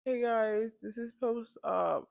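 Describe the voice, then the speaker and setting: A woman's voice: a little high, slow pace, creaky, a little mellow, no echo. A young woman talks to her viewers after surgery, weepy and slurring from a numb mouth. Her voice is close and dry, with no room around it. The audio sounds a little dull and muffled, as from a phone. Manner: weepy and giggly, slurred from numbness. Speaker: vlogger. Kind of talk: casual vlog after oral surgery. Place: home, bathroom.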